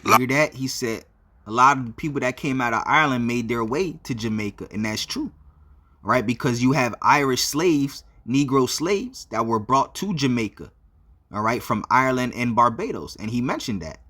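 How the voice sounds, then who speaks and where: A man's voice: mid-range voice, lively intonation, normal speed, pushed and bright. A man giving religious commentary on a video, filling his talk with "all right" and "uh" between phrases. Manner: repeats "all right" often, with many fillers.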